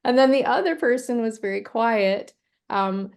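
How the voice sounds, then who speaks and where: A woman respiratory therapist hosting a casual group chat, telling animated stories and laughing often. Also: a little high, normal speed.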